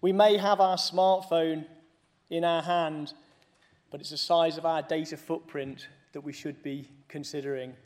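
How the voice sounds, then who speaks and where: A man's voice: on the high side, steady tone, measured pace. A man giving a conference keynote speech, mixing serious points with humorous asides to the audience. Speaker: conference speaker.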